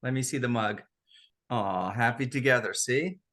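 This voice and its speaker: Man, interview host, casual chat, supportive short remarks, middle pitch. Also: moderate pace, fairly bright tone. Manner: brief supportive interjections and explanations.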